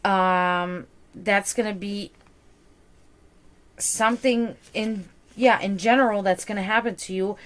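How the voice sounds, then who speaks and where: Slow and fairly even in intonation, this tarot reader's mid-range female voice carries a live-streamed reading for a viewer. Tired and yawning, she stays reassuring, leaning heavily on fillers and repeating herself.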